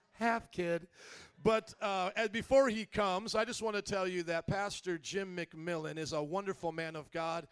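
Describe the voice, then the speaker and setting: A man's voice: sits high, fairly even intonation, moderate pace, few pauses, clean tone. A man, the host pastor, introducing a guest speaker to his church in an upbeat, joking way. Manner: upbeat, joking, rallying the crowd. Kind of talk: church announcement.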